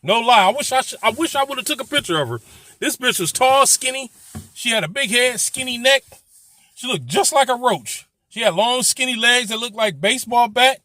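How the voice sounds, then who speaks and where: A man's voice: very high-pitched, animated, moderate pace, pushed and bright, no echo. A middle-aged man telling a casual, profane story, blunt and complaining. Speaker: vlogger.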